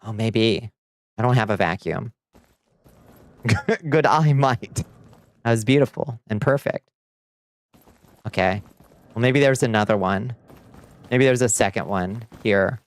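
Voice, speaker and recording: A man hosting a livestream, giving excitable, casual gameplay commentary, chatting with viewers and swearing and yelling when frustrated. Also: on the low side, measured pace, long pauses, dry recording. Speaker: livestream host.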